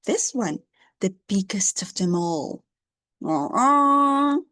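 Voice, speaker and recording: A woman teaching an English lesson to a young learner, speaking slowly, repeating words and praising often. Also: medium pitch, very animated, darkish tone, husky, no echo, studio quality.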